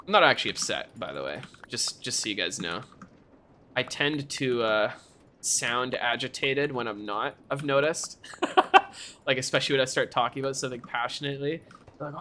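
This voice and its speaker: Animated ranting young male streamer. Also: mid-range voice, normal speed, a little hiss or hum. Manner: animated ranting, laughs often. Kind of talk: casual chat.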